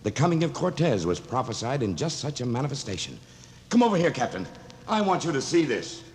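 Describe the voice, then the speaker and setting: A man's voice: medium pitch, big pitch swings, fairly quick. An actor playing a scholarly older doctor and fond father in a 1940s radio drama, proper and given to "By Jove". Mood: excited, wondering. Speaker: expedition doctor. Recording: old radio broadcast with hall reverb and faint hiss.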